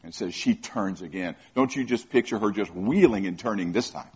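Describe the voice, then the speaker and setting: A man's voice: fairly low pitch, normal speed, breathy edge, highs cut off. A man preaching a conversational sermon who keeps asking the listeners questions and often repeats his words.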